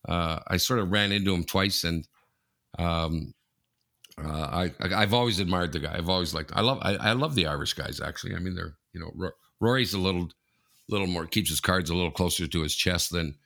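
A man's voice: low voice, a little fast, gravelly, pushed and bright. A man co-hosting a casual sports podcast, blunt and joking, often repeating his words. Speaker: podcast co-host.

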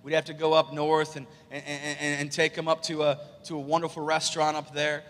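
A man preaching an excitable, animated sermon as pastor in a church sanctuary. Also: on the high side, brisk. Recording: long church hall reverb.

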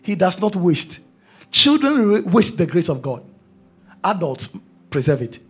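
A man's voice: high voice, sing-song, measured pace, fairly bright tone, slightly rough. A male preacher delivering a sermon, emphatic and repeating his key phrases.

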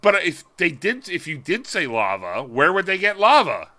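A man with a bright, forceful voice that swings widely in pitch as he trades jokes. He co-hosts a casual podcast and keeps digging in stubbornly for the laugh. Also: huge pitch swings, moderate pace. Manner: joking, playfully stubborn. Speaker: podcast co-host. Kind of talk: casual banter.

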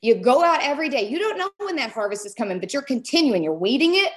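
A woman hosts a coaching call, and her voice sits a touch high. She speaks in a folksy, emphatic way, driving her points home before she introduces her guest. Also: sing-song, fast talker. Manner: folksy, emphatic, Southern phrasing. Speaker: host of a coaching session. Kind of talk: motivational talk.

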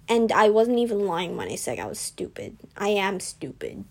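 A woman's voice: mid-range voice, huge pitch swings, a little slow, darkish tone. A teenage girl chatting casually in a self-deprecating, rambling storytime vlog, venting with indignation. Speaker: vlogger.

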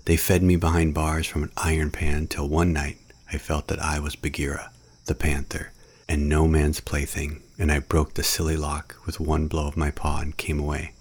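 Man doing a proud old panther, super low voice, slow and tender. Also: monotone, breathy edge. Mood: grave.

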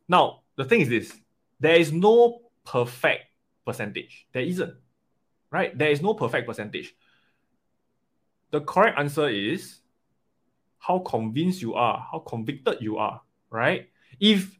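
A man with a medium-pitched voice leads a live investing webinar. He's animated and keeps checking in with his audience, asking "right?" and "okay?"

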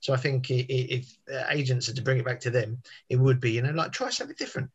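A man's voice: medium pitch, lively intonation, fast, breathy edge, dull audio. A man, telling a rambling story in casual podcast chat. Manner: chatty, rambling with restarts and tangents. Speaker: podcast guest.

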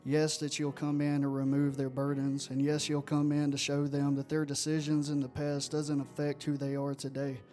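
A man leads an earnest spoken prayer in a level, even tone, his pitch barely moving. Soft instrumental music plays faintly behind him. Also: normal speed, hardly any pauses. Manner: earnest, steady, repeating "Father" and "I just". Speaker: prayer leader.

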